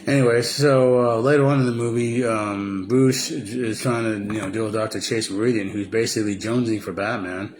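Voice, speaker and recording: A man's voice: lowish voice, steady tone, normal speed, few pauses, a little hiss or hum. Rambling man recapping a movie. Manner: rambling, many fillers and restarts, slips into impressions. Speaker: vlogger.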